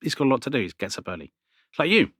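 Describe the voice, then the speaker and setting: A man co-hosting a history podcast, telling stories in an animated way and laughing often. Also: mid-range voice, rapid-fire, husky, no echo, clean studio sound. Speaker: podcast co-host. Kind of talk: conversational history chat.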